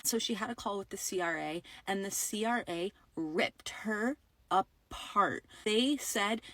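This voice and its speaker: Woman, mid pitch, dry close recording, urgent, emphatic, motivational to camera. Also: lively intonation, unhurried, fairly bright tone, no room sound.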